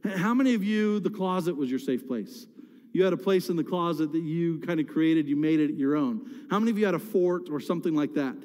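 A man's voice: a little high, brisk, a little mellow. A man preaching a sermon as pastor, talking conversationally with the congregation and rising to impassioned cries at times. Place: church sanctuary. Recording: reverberant church hall.

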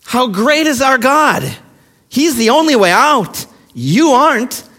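A male pastor preaching a sermon with passion, firing rhetorical questions and dropping to hushed lines. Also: very high-pitched, animated, slow. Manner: impassioned, with rhetorical questions and sudden hushed drops. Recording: long reverb of a large hall.

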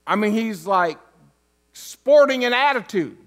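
A man's voice: high voice, animated, measured pace. A man, an interim pastor, preaching a conversational sermon with joking asides and frequent restarts. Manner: restarts and stumbles over words.

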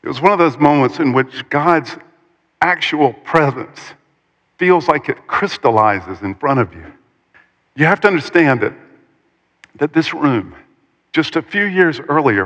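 A man preaching a sermon, retelling a story with animated, dramatic delivery and pauses. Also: fairly high pitch, long reverb tail, dull audio.

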